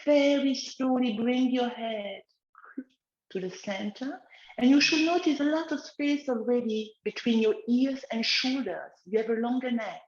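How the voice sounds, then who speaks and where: Slow, gentle woman guiding a relaxation exercise. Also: a little high, echoey room, dull audio. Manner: slow, gentle guiding of breathing and neck movements. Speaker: wellness instructor. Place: outdoors in the countryside, chickens nearby.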